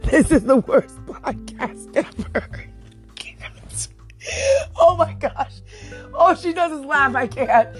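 Her high voice moves slowly with frequent pauses over soft background music. Alone on her podcast late at night and sleepless, the host chats casually, helpless giggles bubbling up again and again.

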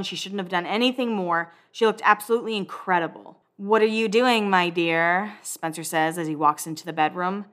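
A woman's voice: on the low side, fairly bright tone. A woman giving a casual, chatty recap of a TV episode, sarcastic and blunt, acting out the characters' lines as she goes. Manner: chatty and sarcastic, acts out quotes, swears. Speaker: recap podcast host.

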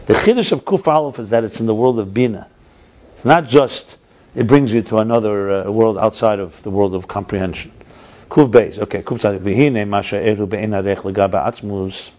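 A man's voice: on the low side, fairly quick, darkish tone. A man teaching a text class, reading passages aloud and explaining them step by step, often repeating himself. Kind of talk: text study lesson. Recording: dull lo-fi recording.

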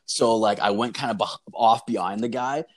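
A man's voice: fairly low pitch, normal speed. A Canadian man casually telling a work story, full of swearing and constant "like" fillers. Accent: Canadian English. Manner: heavy swearing, constant "like" fillers, animated retelling.

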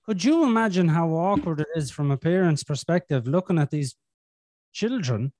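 A man's voice: fairly high pitch, expressive, moderate pace, darkish tone, no room sound. A man hosting a podcast, telling stories in a blunt, casual way with plenty of swearing. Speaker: podcast host. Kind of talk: casual conversation.

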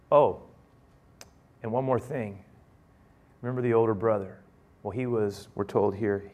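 A man preaching a sermon, retelling a story and acting out its dialogue with rising excitement. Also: mid-range voice.

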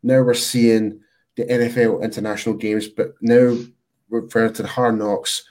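A man's voice: on the low side, level tone, normal speed, a little mellow. Rambling man in casual chat. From United Kingdom. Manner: rambling, restarts his thoughts. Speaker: podcast co-host.

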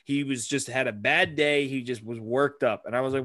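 Swearing, storytelling podcast dad. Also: male voice, medium pitch, moderate pace, dry recording. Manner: animated storytelling, swears freely. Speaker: podcast host; father. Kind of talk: casual podcast chat.

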